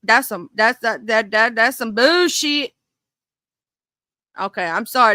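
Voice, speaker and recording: A woman's voice: fairly high pitch, expressive, a little slow, long pauses, sharp tone, dry recording, clean studio sound. A woman streaming live, reading a ranked list aloud and breaking into indignant, swearing asides to her viewers. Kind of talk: casual live-stream chat.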